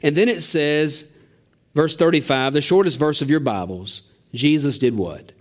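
A man's voice: on the high side, very animated, moderate pace. A man preaching a sermon as a pastor, asking rhetorical questions and building emphasis. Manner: father.

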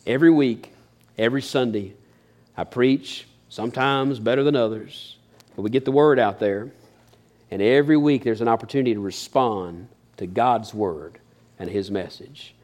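A man's voice: medium pitch, normal speed, a little mellow. A man preaching a sermon as a pastor, folksy and earnest, building emphasis as he goes.

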